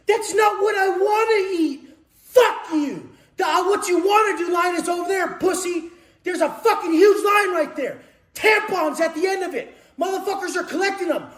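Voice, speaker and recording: Shouting, profane man in an echoey room. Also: very high-pitched. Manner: aggressive, profane, taunting, often shouting. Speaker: motivational speaker. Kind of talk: profane motivational rant.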